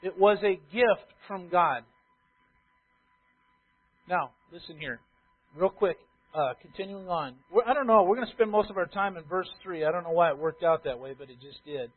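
A pastor preaching a sermon to his congregation, who drops to quiet asides, then builds to loud emphatic repetitions and asks the room questions. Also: high-pitched, lively intonation, a little fast, husky. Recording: tinny phone-like sound.

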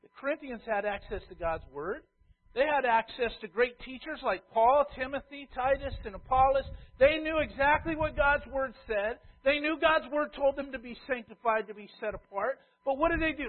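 A man preaching a sermon as a pastor, emphatic, swinging between loud stress and quiet asides. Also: sits high, a little fast. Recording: tinny phone-like sound.

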